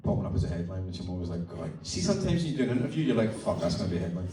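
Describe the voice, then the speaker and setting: An actor telling chatty, swearing, laughing stories at a festival talk, heard from the audience. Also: male voice, deep voice, big pitch swings, very fast, very noisy. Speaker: actor guest. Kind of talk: onstage festival interview. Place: festival event hall. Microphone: audience phone far from stage. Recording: echoey hall recorded from far off in audience.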